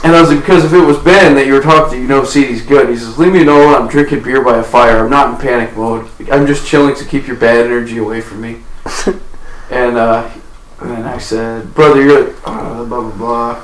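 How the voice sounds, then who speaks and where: A man co-hosting a podcast, telling a profane, animated story in casual chat and laughing often. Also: medium pitch, brisk. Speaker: podcast co-host. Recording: echoey room with noise.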